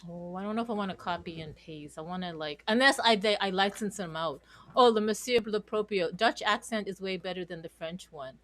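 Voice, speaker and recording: A young woman from Canada hosts a casual livestream chat, talking in a bubbly, giggly, rambling way. Her voice sits at an ordinary middle pitch. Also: brisk. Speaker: host.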